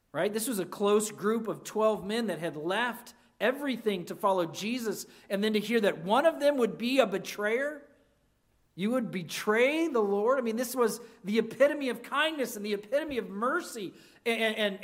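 In this sermon, the pastor alternates between loud, emphatic passages and hushed, low ones, restarting his phrases with emphasis over and over.

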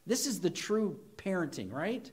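A man preaching a sermon, animated and emphatic, acting out quoted voices. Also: high-pitched, a little slow. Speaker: pastor.

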